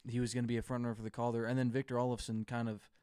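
A man at middle pitch, with a clear and smooth voice, chats casually on a sports podcast. He thinks aloud and drops in fillers as he goes. The recording is dry and close. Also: flat delivery, very fast, dark tone, dry recording. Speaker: podcast co-host.

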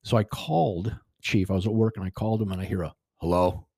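A man's voice: sits low, fast talker, vocal fry, darkish tone, slightly rough, no room sound, studio quality. A middle-aged man telling a personal story as a podcast guest, rambling with restarts and quoted dialogue. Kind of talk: casual storytelling.

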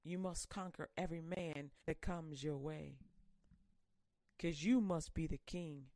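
A woman preacher delivering a fiery sermon, swinging between loud pushes and hushed warnings. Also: low-pitched, measured pace, no echo.

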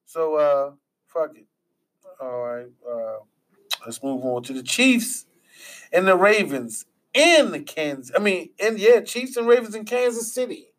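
A man's voice: high voice, lively intonation, measured pace, a bit bright, poor audio. A man from the Washington DC area hosting a loose, profane sports chat, often trailing off mid-sentence.

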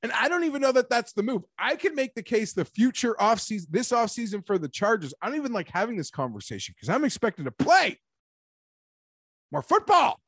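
A man hosting a casual sports talk show, animated and rambling, talking like an emphatic fan. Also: high voice, quick pace, hardly any pauses, dry recording, studio quality. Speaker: sports podcast host.

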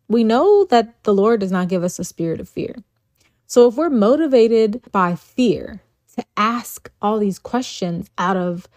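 A woman's voice: medium pitch, a little mellow, dry recording. Woman preaching on her faith podcast, earnest, repeats herself, super dry sound. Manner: earnest and exhorting, repeats phrases, casual "like" and "right?". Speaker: podcast host. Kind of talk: faith devotional podcast talk.

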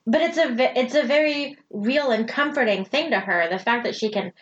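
A woman with a slightly high voice jokes along with her co-host in a casual podcast chat. Her audio sounds a little dull and muffled. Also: fairly quick. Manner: joking, chiming in with quips.

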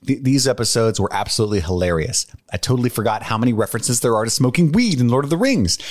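A man's voice: mid-range voice, expressive, quick pace, a little mellow, dry recording. A man co-hosting a podcast, casually reading listener emails aloud and chatting in a laid-back way, with easy swearing and earnest moments. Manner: sincere and earnest when speaking from the heart. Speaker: podcast co-host.

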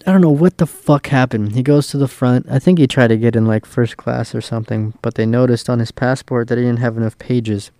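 A man's voice: medium pitch, fairly quick, hardly any pauses, dark tone, no echo, studio quality. A young man telling a long, loose road-trip story in casual chat, swearing freely and filling his talk with "like". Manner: loose and profane, full of fillers.

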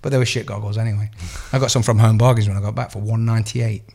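An English man in his thirties, co-hosting a podcast and telling an animated, profane story in casual chat. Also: lowish voice, racing, gravelly. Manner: swears a lot, animated storytelling. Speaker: podcast co-host.

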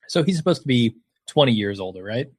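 A man in casual chat about TV, talking in a measured, thoughtful way with hedges. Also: mid-range voice, sing-song, a little mellow, slightly rough, no echo.

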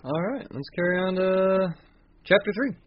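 A man's voice: high-pitched, moderate pace, muffled recording. A man giving a casual, swearing-heavy recap of a comic, rambling and acting out the characters as he goes. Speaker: podcast host recapping a comic.

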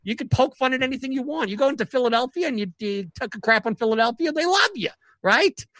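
A man's voice: extremely high pitch, fast, fairly bright tone, dry recording. A man who is a stand-up comic, telling stories in a casual podcast conversation, rambling with many restarts and fillers. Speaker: stand-up comic and professional poker player.

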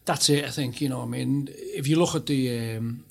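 A man's voice: mid-range voice, moderate pace, vocal fry, darkish tone, breathy edge. A man hosting a casual football chat, rambling with many fillers and restarts. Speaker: host.

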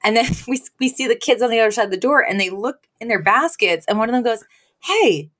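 A woman co-hosting a podcast, retelling a sitcom episode in animated, casual chat. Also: a little high, quick pace. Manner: animated storytelling, acting out quotes, frequent laughter. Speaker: podcast co-host.

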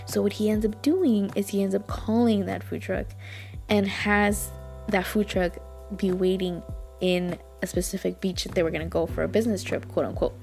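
A woman's voice: mid-range voice, steady tone, normal speed, vocal fry, a little mellow, faint music behind. A young woman hosting a podcast, chatting casually and gushing in a rambling way, full of fillers and repeats. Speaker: podcast host. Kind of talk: casual chat reviewing dramas.

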